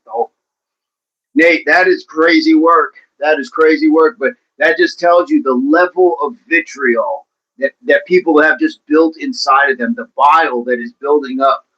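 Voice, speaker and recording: A man's voice: on the high side, a little slow, sharp tone, husky, highs cut off. A man hosting a casual livestream, talking to viewers by name and encouraging them. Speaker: livestream host reading chat.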